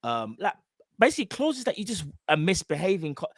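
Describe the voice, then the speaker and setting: Animated, slangy man host. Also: sits high, fairly quick, no echo, clean studio sound. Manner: animated, slangy, jokey storytelling. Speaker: show host. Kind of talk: casual live football chat.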